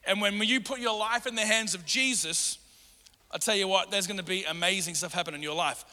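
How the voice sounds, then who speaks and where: A man preaching a sermon as pastor, energetic and building to emphatic repeated calls. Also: high voice, brisk. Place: church hall. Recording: long hall reverb.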